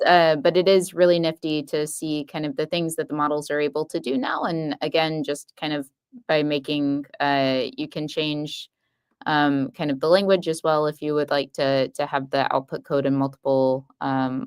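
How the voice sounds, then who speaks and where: A woman's voice: deep voice, clear, resonant tone. A woman speaking as a guest expert on a live coding stream, hesitant and thinking aloud. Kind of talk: live coding demo, casual.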